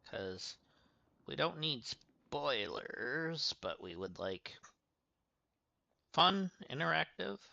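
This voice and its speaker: Slow, bright-voiced male game streamer. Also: fairly high pitch, very animated, gravelly, no room sound, muffled recording. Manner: chatty, thinking aloud while playing. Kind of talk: livestream game commentary.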